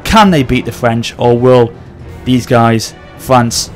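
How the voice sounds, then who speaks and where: A man hosting a gaming channel, excitedly commentating a battle over gameplay and often addressing his audience. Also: mid-range voice, slow, faint music behind.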